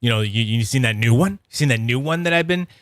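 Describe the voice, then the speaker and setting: A man voicing a laid-back male spinner maker in a quick, casual aside, a little lower than his own voice. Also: animated, fairly bright tone, no room sound, clean studio sound, close to an everyday voice. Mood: eager.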